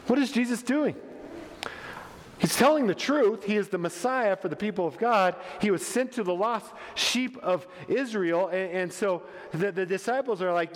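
A man's voice: sits high, expressive, moderate pace. A man preaching a sermon in a church hall, emphatic and passionate, with frequent stammering restarts. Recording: long church hall reverb.

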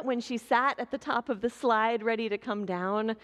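A woman preaching a sermon, with a slow, gentle way of telling stories. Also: a little high, in a large hall.

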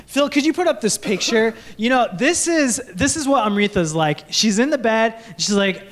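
A man's voice: very high voice, expressive, moderate pace, a bit bright. Young guy pastor preaching at church, jokey and playful, does little voices when he quotes folks. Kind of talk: sermon with comic bits. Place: church stage before a congregation.

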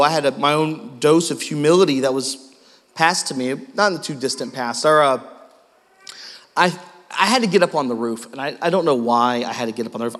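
A man's voice: mid-range voice, big-room sound. A man preaching a sermon as pastor, telling stories about himself in a self-deprecating way.

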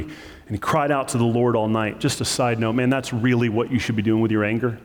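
A male pastor preaching a sermon, animated, acting out the quoted voices with sudden leaps in pitch. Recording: long hall reverb.

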